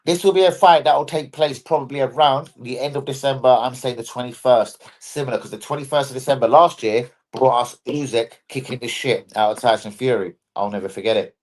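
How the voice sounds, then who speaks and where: A man's voice: mid-range voice, a little fast, hardly any pauses. Man, young adult, fan stream host, sweary, jokey, rambling. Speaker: football fan channel host. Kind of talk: casual live-stream chat.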